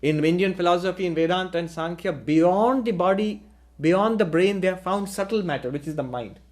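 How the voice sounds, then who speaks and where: A man, a spiritual teacher, giving a deliberate philosophical lecture and posing rhetorical questions. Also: high-pitched, a little mellow.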